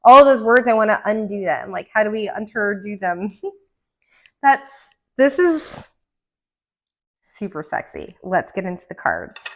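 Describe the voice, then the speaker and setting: A woman giving a casual tarot card reading at home, rambling and excitable, with gasps and laughs between her thoughts. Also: mid-range voice, unhurried. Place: indoor room. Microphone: camera mic.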